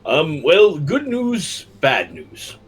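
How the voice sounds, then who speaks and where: A man playing a tabletop game, speaking hesitantly with many pauses and ums. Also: fairly high pitch, huge pitch swings, husky. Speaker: player.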